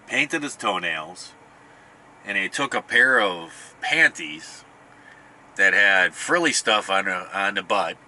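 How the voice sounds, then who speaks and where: A man's voice: low-pitched, bright, forceful tone. A middle-aged man casually telling a rambling family story, often restarting and chuckling. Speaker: podcast host.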